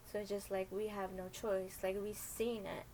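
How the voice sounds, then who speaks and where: A young woman in her twenties telling a story in loose, rambling chat, full of fillers and restarts. She sits at an ordinary middle pitch and slips into voices for the people in her tale. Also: little pitch movement, moderate pace, mellow, slight background noise, low-quality recording. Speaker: storytime vlogger. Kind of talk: casual storytelling.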